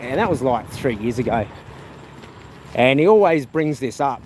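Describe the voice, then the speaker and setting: Kiwi male streamer, mid-pitched, rambling and friendly with viewers, recorded on a phone outdoors with loud ambient noise. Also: lively intonation, normal speed. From New Zealand. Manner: rambling, chatty, reads viewer comments aloud. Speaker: live streamer. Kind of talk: casual walking live stream. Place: outdoors on a rural path. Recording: outdoor noise with passing vehicles. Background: outdoor ambience, animals, vehicles.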